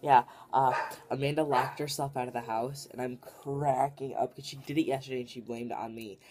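A man's voice: medium pitch, fairly even intonation, a little fast. Young guy vlogging, rambly and venting, lots of "like", noisy background hiss. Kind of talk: casual vlog to camera. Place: home, then out and about.

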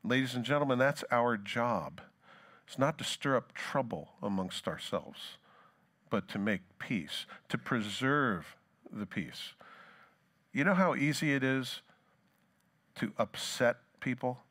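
A pastor takes his sermon slowly, his voice expressive as he reads scripture dramatically, going loud then low. He also speaks to the congregation in relaxed asides.

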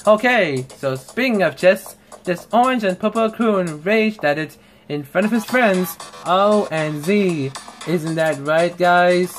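A woman voicing a calm woman teacher who runs an anger class, speaking lower in a lecturing way. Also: takes it slowly, faint music behind. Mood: stern. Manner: low, lecturing. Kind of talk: fan-made character voice acting.

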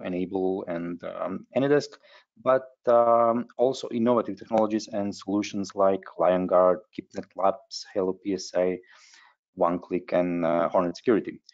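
Low-voiced man hosting a webinar, halting. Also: darkish tone. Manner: halting, frequent hesitations. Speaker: webinar host. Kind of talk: webinar presentation. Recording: dull lo-fi webinar audio.

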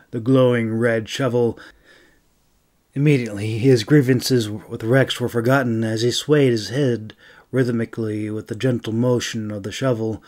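A man reading his own fantasy novel aloud as an audiobook, in measured storytelling. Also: medium pitch, a little mellow. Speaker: author and audiobook narrator. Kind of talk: scripted audiobook narration.

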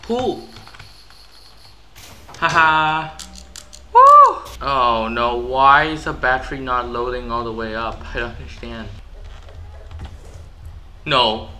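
A man giving live gameplay commentary, excitable and easily frustrated, with sudden yelps and outbursts. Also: mid-range voice, a little slow, pauses often, slight background noise. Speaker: gaming YouTuber.

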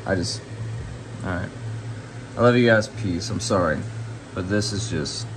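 A man's voice: low voice, unhurried, noisy background. A young man filming himself by an indoor grow tent, ranting angrily and swearing about his failed plants. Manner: angry, swearing, exasperated. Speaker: home grow vlogger. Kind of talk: frustrated casual vlog rant.

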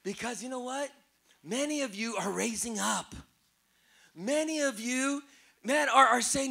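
Man, preacher, very high voice, piercing bright tone, emotional sermon, hushed to shouting. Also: moderate pace, vocal fry. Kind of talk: impassioned sermon. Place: church service before a congregation.

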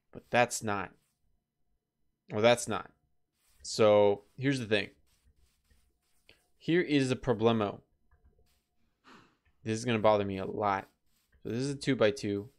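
Excitable man chatting over gameplay. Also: a little slow, long pauses. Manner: chatty, excitable, breaks into high-pitched yelps. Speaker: gameplay let's player. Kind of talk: casual gameplay commentary.

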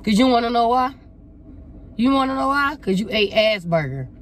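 Teasing high-voiced young woman. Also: moderate pace, a little hiss or hum. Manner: teasing, sing-song, animated. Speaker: prank vlogger. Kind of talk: teasing prank banter.

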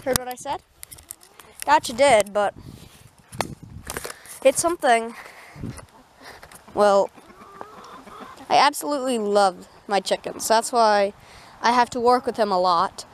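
A chatty woman from Canada films a casual outdoor vlog about taming her chickens. Her voice sits a little high and turns gentle and quiet whenever she speaks to the birds. Faint clucking can be heard around her. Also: slow, pauses often, slight background noise. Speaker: vlogger. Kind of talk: casual backyard tutorial vlog.

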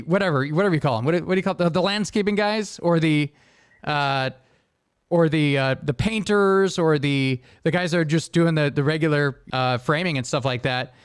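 A man's voice: on the high side, clear, resonant tone, no room sound, clean studio sound. A young adult man hosting a podcast, rambling casually, laughing and acting out quotes in a raised voice. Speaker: podcast host. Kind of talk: casual chat.

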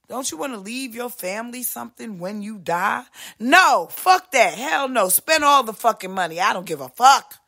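A woman hosting a podcast, delivering a profane, brash monologue rant and slipping in quick impressions of other people. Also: a little high, animated, vocal fry. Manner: profane, brash, swings loud and soft, voices other people mid-rant. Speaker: podcast host.

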